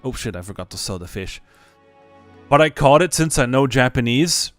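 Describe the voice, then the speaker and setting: A man's voice: medium pitch, expressive, moderate pace, fairly bright tone, dry recording, faint music behind. A young man chatting casually on a game stream, swearing freely and laughing often. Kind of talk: casual live stream chat.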